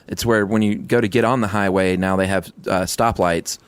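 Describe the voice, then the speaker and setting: A man co-hosting a casual podcast chat, telling relaxed anecdotes. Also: low voice, normal speed, clean tone, no echo. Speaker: podcast co-host.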